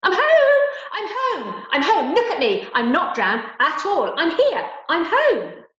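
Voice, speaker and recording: Young drowned girl, shrill, shouting, pleading; a woman teacher reading aloud, echoey lo-fi sound. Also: huge pitch swings, slow pace, exaggerated voice. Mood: desperate pleading. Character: drowned young girl crying desperately to unhearing family. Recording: roomy, dull home recording.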